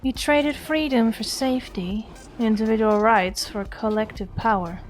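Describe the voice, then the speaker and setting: A woman's voice: on the high side, fairly even intonation, unhurried, soft background music, natural voice. A woman voicing a cynical, blunt defence attorney in a game, in a dry, matter-of-fact way. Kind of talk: reading a game character aloud.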